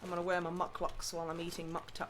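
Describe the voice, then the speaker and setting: A woman streaming a video game in casual chat, expressive and quick to swear in outbursts. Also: on the low side. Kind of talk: casual gaming livestream chat. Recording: home mic with clear background noise.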